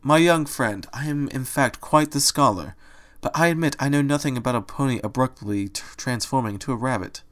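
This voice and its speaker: A man doing a calm, scholarly old owl. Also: medium pitch, brisk, lightly acted. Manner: calm, benevolent, formal.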